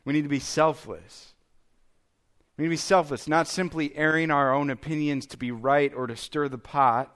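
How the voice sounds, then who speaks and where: A man's voice: a little high, fairly even intonation, moderate pace, a bit bright. A man, preaching a sermon in a conversational, self-deprecating way and checking in with listeners. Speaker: pastor.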